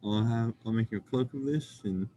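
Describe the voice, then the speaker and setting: A man's voice: mid-range voice, fairly quick, warm tone, muffled recording, a little hiss or hum. A man playing in a tabletop game, talking in a casual, matter-of-fact way about what his character does. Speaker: player.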